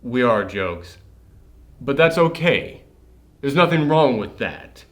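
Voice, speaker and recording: A man's voice: mid-range voice, very animated, takes it slowly, voice pushed down. A man voicing an earnest young cartoon hero. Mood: resolute.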